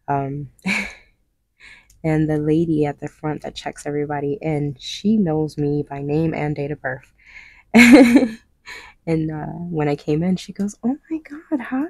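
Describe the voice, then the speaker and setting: A young woman talks casually to her viewers as she paints, pitched low with a gravelly edge. Her tone is dark and mellow, and she rambles with fillers and small laughs. The sound is close and dry in a small room. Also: fairly even intonation, normal speed, dry recording. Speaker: craft vlogger. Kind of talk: casual chat while painting.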